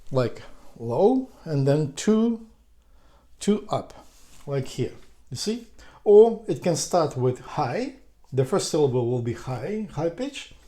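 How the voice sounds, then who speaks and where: Slow, dark-voiced man teaching. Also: a little high. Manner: hesitant, many fillers and restarts, patient. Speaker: language teacher. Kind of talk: slow explanatory lesson.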